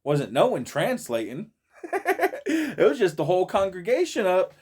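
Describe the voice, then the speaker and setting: A man's voice: high voice, wildly swooping pitch, moderate pace, darkish tone, husky. A man talks in a loose, rambling way and trips over his own words, repeating them as he starts again. He swears a lot and keeps breaking into laughter. He is speaking from inside a friend's shed. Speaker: vlogger reacting to a video. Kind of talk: casual profane monologue.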